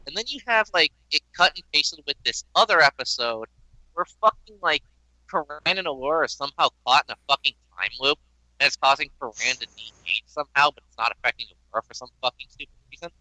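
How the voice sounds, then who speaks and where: A man's voice: a little high, lively intonation, fast talker, bright, forceful tone, dry recording, poor audio. A man ranting sarcastically and with a lot of swearing about a cartoon reboot on a casual podcast. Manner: profane, exasperated, sarcastic. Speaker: podcast host.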